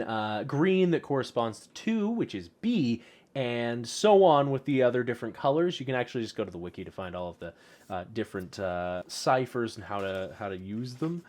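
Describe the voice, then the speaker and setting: Playful, animated man hosting a vlog. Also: medium pitch. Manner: playful, self-mocking, with many fillers and restarts. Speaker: YouTube host. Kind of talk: casual vlog showing collectibles.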